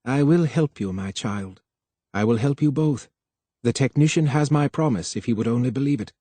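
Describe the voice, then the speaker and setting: A man voicing a calm, guarded older male official in an audiobook, speaking softly and with measure. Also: no echo, natural voice. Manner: soft, measured, low-spoken. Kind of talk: audiobook character voice.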